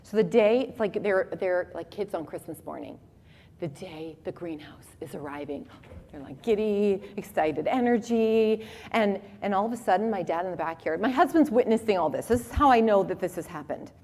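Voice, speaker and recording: A woman in her forties giving a conference talk with animated, humorous storytelling. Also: mid-range voice, normal speed. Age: 40s. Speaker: conference speaker. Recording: long reverb of a hall.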